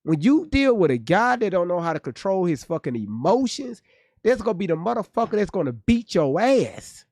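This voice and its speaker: A man's voice: high voice, very animated, normal speed, a little mellow, no room sound, clean studio sound. A male streamer giving blunt, profane live commentary on a clip, often repeating his words as he thinks aloud. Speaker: streamer reacting to clips.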